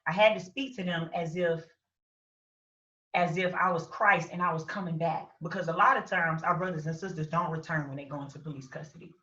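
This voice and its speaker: Animated woman telling a story. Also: lowish voice, a little fast. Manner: animated, acts out her own shouts and quotes. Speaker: interview guest. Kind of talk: personal story in an interview. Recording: roomy, distant, dull lo-fi sound.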